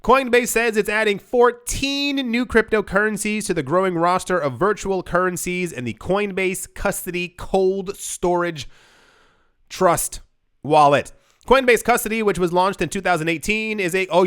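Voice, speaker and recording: A man's voice: high-pitched, normal speed, fairly bright tone, smooth. A man hosting a crypto news channel, giving casual commentary with sarcastic, joking asides. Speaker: crypto YouTube host.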